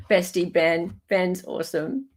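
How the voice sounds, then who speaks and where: A woman's voice: fairly low pitch, slightly rough. An Australian woman hosting a livestream in casual chat, reading out viewer comments, thanking viewers by name and laughing often. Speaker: livestream host.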